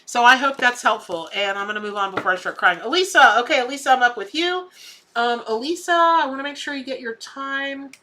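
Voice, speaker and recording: Woman, Southern US accent, middle-aged, bright clear tone, folksy, effusive, tarot reader on a live stream. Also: on the high side, brisk, slight background noise. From American South. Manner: folksy and effusive, calls viewers honey and baby.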